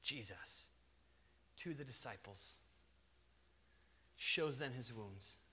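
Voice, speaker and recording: A man preaching a sermon in a lively, conversational storytelling way. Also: medium pitch, takes it slowly, breathy edge. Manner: animated, conversational storytelling with acted quotes. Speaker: pastor.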